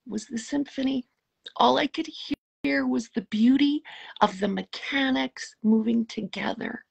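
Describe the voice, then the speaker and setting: The recording is muffled as a middle-aged woman, her voice on the high side with vocal fry, tells a personal spiritual story during an interview. Earnest and emotional, she frequently drops to a hushed softness.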